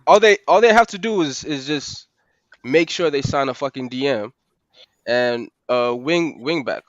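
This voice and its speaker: A man's voice: medium pitch, expressive, measured pace, dry recording, muffled recording. A blunt, sweary man in a casual stream chat who laughs between his points.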